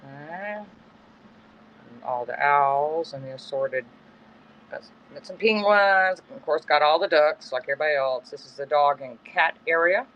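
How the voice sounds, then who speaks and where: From his house in the woods, a middle-aged man runs a casual live-selling auction stream, rambling and correcting himself as he talks. He speaks on the high side at normal speed, over a dull, lo-fi phone stream carrying faint background noise.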